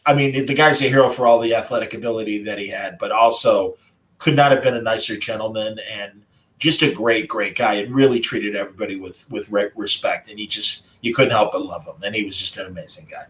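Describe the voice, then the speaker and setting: A man's voice: on the low side, brisk, rough recording. A man hosting a casual group chat, recalling a story with a former radio broadcaster's delivery. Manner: conversational storytelling, warm recollection. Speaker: podcast host.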